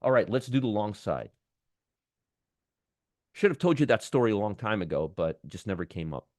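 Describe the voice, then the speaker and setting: A deep-voiced man hosts a trading show in a loose, enthusiastic way, repeating words and breaking off phrases as he goes. His voice is close and dry, with no room sound around it. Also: lively intonation, normal speed, darkish tone, no room sound. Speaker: stock trading show host. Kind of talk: casual market commentary.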